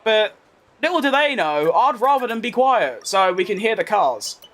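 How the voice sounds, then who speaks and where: Lively London streamer playing a racing game. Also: male voice, high voice, moderate pace. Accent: London English with a posh tinge. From England. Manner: chatty, reads chat aloud, rambling asides. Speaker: gaming streamer. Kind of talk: live racing game commentary.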